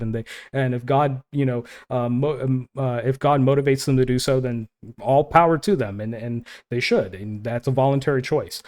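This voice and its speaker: A man talks through a topic in loose, heated commentary, dropping in "man" and "dude" as he goes. His voice sits at an ordinary middle pitch, and the delivery stays conversational and passionate. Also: darkish tone. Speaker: online Christian commentator. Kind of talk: casual commentary, reading quotes aloud.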